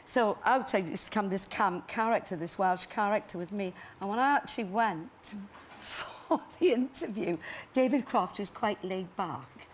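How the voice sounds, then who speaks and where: A woman's voice: mid-range voice, unhurried, slight background noise. An older woman, a guest actress on a chat show, telling stories with laughter and acting out voices. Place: TV studio.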